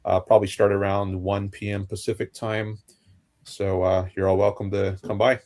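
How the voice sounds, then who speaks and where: A man with a fairly low voice introduces himself on an online discussion panel. He speaks in an earnest, measured way and clears his throat now and then. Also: little pitch movement, a little mellow. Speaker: YouTuber and panel guest.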